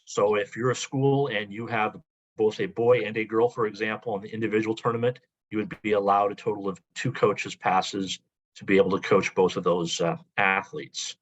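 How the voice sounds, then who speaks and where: Guy running a coaches webinar, kinda low voice, lots of uhs, muffled call audio. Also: little pitch movement, moderate pace. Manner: frequent uh and um fillers, methodical. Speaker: athletic association administrator. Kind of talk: informational webinar briefing. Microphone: video call.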